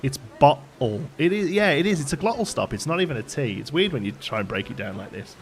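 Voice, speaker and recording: This live-stream host from England has a mid-range voice with big pitch swings and a quick pace, plus a light Liverpool tinge. He builds in a game while chatting casually, wandering between topics and laughing often, with faint background music.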